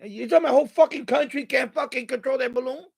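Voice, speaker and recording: A man's voice: very high-pitched, fast talker, gravelly, breathy edge. A man live-streaming about radio, ranting in an exasperated way and swearing freely at a desk mic.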